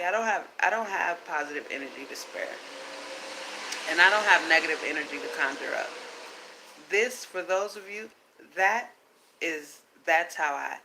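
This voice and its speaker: A woman talks straight to her viewers in an unscripted vlog, bright and forceful in tone. She is blunt and swears freely, yet keeps a calm, lecturing cadence full of rhetorical questions. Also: on the low side, normal speed, a little hiss or hum, low-quality recording. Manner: blunt, profane and emphatic; calm, preachy self-talk with rhetorical questions. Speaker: vlogger. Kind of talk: casual unscripted monologue.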